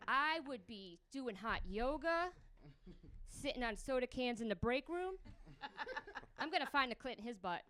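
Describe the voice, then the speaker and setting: A woman's voice: on the high side, expressive, a little slow, long pauses, fairly bright tone. A young woman doing a crude, brash stand-up comedy set on stage before a live audience. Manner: crude, brash punchlines with big vocal jumps.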